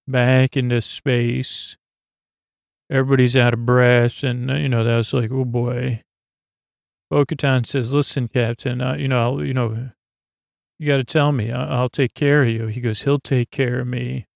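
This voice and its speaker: A man's voice: mid-range voice, creaky, dry recording, clean studio sound. A man hosting a sleep podcast, rambling through a loose story recap with many fillers, restarts and lost threads. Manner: meandering, loses his place, many fillers and restarts. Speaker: podcast host.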